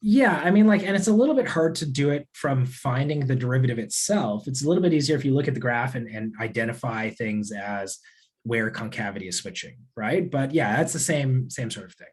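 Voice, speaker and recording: A man's voice: mid-range voice, expressive, fairly quick, a little mellow. Young guy teaching calc online, chill and chatty, reads out student questions. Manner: casual, answers student messages while working through problems. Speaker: course instructor. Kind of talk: live online math lesson.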